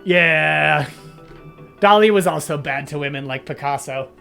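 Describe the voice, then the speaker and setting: A man's voice: on the high side, a little slow, gravelly, bright, forceful tone, faint music behind. Grandiose joking man, comedy podcast host. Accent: slight Southern drift. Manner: grandiose, jokey, slips into silly impressions. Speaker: comedy podcast host playing a trivia master. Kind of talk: improvised comedy banter.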